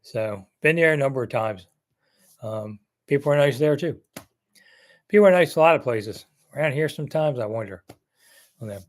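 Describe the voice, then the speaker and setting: A man in his sixties, from the Maryland area, answers viewers on a casual sports live chat, rambling and chatty with jokey asides. He speaks animatedly at normal speed and medium pitch, leaving long pauses.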